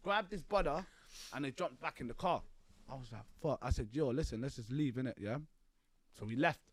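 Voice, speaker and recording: A man's voice: mid-range voice, brisk, no echo. A man in his twenties, a podcast guest telling a story in slangy talk and often laughing as he goes. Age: 20s. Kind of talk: animated storytelling.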